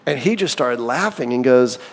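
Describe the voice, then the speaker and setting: A man's voice: mid-range voice, lively intonation, normal speed, long reverb tail. A middle-aged man, a songwriter being interviewed, talking candidly and rambling, with a self-deprecating streak. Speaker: songwriter guest. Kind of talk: casual interview.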